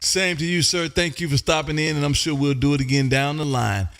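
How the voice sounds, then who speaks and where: A man from Texas hosting a live ham radio show. He talks loudly and excitedly, drawing out call signs as he reads them. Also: on the high side, fairly quick, noisy background. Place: home radio room.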